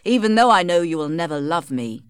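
An arrogant young gentleman, read by a woman, pushing and careless, his lines louder and a touch higher than the telling around them. The voice sits low for a woman, dry and close. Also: expressive, a little fast, clear, resonant tone, no room sound, lightly acted. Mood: offhand. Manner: demanding, offhand, mocking.

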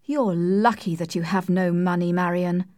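A woman voicing a troubled young Victorian wife who speaks softly and sadly. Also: a little high, lively intonation, unhurried, dry recording, studio quality. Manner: soft, sad, pleading.

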